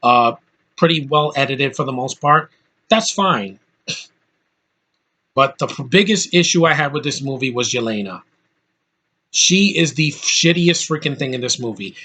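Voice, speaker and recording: A man's voice: mid-range voice, animated, a little slow, pauses often, pushed and bright. A man giving a blunt, ranting movie review in casual speech, with lots of fillers and restarts. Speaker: film reviewer.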